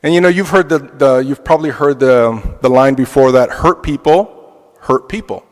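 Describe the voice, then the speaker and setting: A man's voice: mid-range voice, moderate pace. A man teaching an adult church class, telling a personal story in a reflective way with casual fillers. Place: church hall. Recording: long reverb of a church hall.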